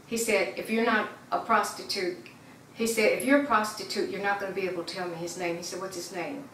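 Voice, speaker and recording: A woman recounts what happened to her in an earnest, unpolished testimony, voicing the people she quotes and stumbling over words now and then. Her voice sits at an ordinary pitch and is picked up from a distance in an echoing room, with faint noise underneath. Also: steady tone, fairly quick, fairly bright tone. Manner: earnest, acts out quoted dialogue, some stammering. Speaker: community member giving testimony. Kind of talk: personal testimony, retelling events. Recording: roomy, distant mic, faint background noise.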